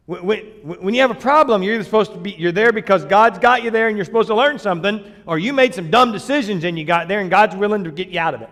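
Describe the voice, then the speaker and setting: Brief: blunt male pastor, high voice, emphatic sermon delivery, long reverb of a church hall. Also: expressive, a little fast. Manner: blunt, emphatic preaching with sudden loud bursts and quiet asides.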